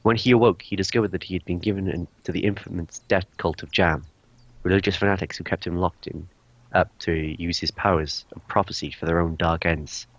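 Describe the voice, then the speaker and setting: A man's voice: deep voice, fairly even intonation, fairly quick, dry recording. A man reading a character backstory aloud at a tabletop game, often close to laughing. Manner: reads aloud, breaking into laughter. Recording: dull lo-fi sound, dry.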